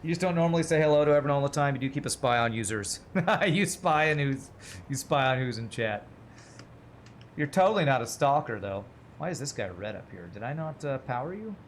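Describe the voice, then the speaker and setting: A man's voice: medium pitch, lively intonation, fairly quick, a little hiss or hum. A man streaming a game, thinking aloud as he works out numbers under his breath and chats casually with his viewers. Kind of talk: casual livestream gameplay commentary.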